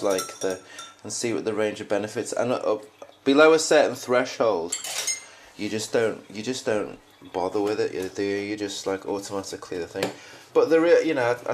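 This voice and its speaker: A man's voice: fairly low pitch, slight background noise. A man talking in a casual, reflective monologue, rambling with frequent restarts as a podcast host. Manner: rambling, many restarts and fillers, musing.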